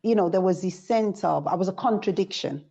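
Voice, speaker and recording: A woman's voice: mid-range voice, fairly quick, gravelly, mellow, slightly rough. A woman from the United Kingdom, a guest sharing reflective stories in casual chat. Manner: reflective, storytelling. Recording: dull lo-fi audio.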